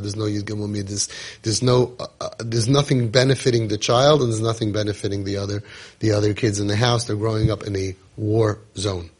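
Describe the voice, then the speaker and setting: Husky emphatic man telling a story. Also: lowish voice. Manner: emphatic, repetitive, dramatic retelling. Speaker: parenting coach. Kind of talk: podcast storytelling talk.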